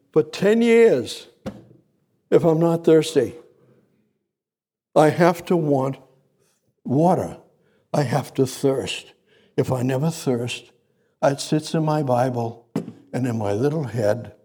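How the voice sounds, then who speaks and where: A man preaching a sermon, repeating his points emphatically and rising sharply in pitch and volume to drive them home. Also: slightly rough. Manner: repetitive, emphatic preaching with sudden loud high rises.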